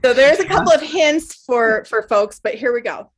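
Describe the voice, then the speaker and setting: A woman hosting a podcast, asking her guest questions in a warm, gently inquisitive way. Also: fairly high pitch, normal speed. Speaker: podcast host. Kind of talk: casual interview chat.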